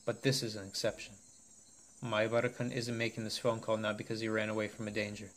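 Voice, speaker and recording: Flat-voiced male story reader. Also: lowish voice, fairly quick. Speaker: narrator and reader of all parts. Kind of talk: amateur audiobook reading of a translated visual novel.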